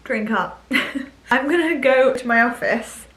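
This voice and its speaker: A young woman vlogging at home in a chatty, giggly, excitable way. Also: fairly high pitch, measured pace, breathy edge, low-quality recording. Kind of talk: casual vlog chat. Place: at home indoors.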